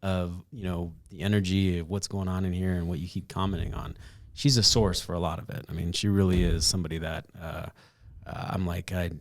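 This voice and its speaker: A man's voice: low voice, little pitch movement, a little fast, hardly any pauses, dry recording. A man hosting a casual conversation, reflective and affirming, often checking in with "right?". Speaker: host.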